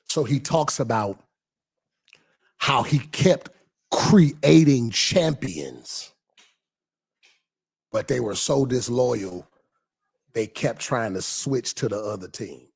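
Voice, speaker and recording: Husky-voiced pastor chatting on a livestream. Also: male voice, mid-range voice, takes it slowly, long pauses. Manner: animated, repeats himself, reads viewer comments aloud. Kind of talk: casual livestream chat.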